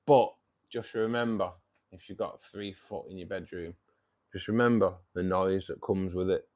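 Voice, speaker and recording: The voice is deep, steady, and a little mellow, delivered at normal speed. This man hosts a fishkeeping livestream where he reads viewer comments in relaxed chat, full of jokes, teasing, and laughter.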